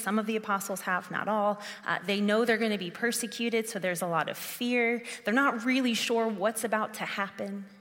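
A woman's voice: fairly high pitch, fairly bright tone. Earnest woman preaching in a reverberant hall. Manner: earnest, conversational, with frequent restarts. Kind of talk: sermon.

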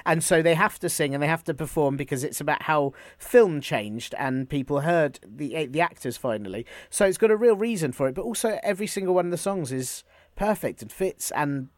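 Guy in his 30s gushing about stuff, lots of restarts, kinda high voice, dry sound. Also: brisk, dry recording. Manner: enthusiastic, animated storytelling with many restarts. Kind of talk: casual chat.

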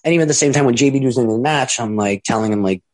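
A middle-aged wrestling promoter and trainer tells a long, rambling casual story, acting out the voices of the people in it. His mid-range voice is a little mellow and very fast, with no echo.

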